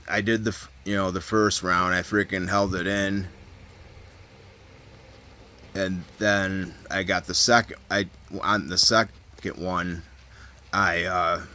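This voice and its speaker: A man's voice: low voice, bright, forceful tone. A man telling a story from prison in a casual, rambling way, full of fillers, restarts and swearing. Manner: rambling, heavy fillers and profanity, frequent restarts. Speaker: vlogger recounting prison stories.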